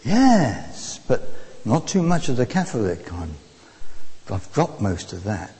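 A man's voice: fairly low pitch, sing-song, slow, mellow, long reverb tail, voice pushed down, heavily acted. A man quoting a blunt Polish woman. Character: blunt middle-aged Polish woman on a coach trip.

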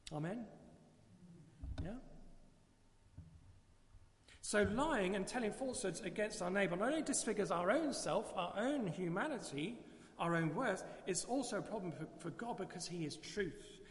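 High-voiced man preaching in a reverberant church. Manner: earnest, with rhetorical questions to the congregation. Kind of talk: sermon. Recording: live church recording with long hall reverb.

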